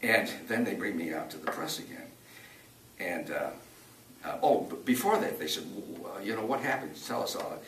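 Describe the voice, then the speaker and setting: An older man telling a personal survival story in a rambling, halting way, often repeating words and restarting. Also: lowish voice, sing-song, fairly bright tone. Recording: echoey room, distant mic, faint noise.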